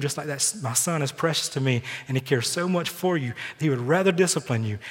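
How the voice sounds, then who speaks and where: A man in a church sanctuary preaching a sermon as pastor, earnest, with lively personal storytelling. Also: medium pitch. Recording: long reverb from a large hall.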